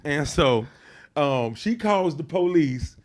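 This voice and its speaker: Slangy, profane storyteller man, slightly high. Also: slow. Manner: grows loud and animated when reenacting. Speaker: interview guest. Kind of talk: telling a personal story.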